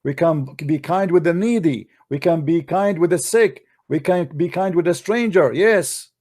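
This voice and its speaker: His voice fairly high and a little mellow, a host with an Arabic accent speaks at a moderate pace in polemical commentary. He combatively scolds his critics, his English broken and his grammar non-native.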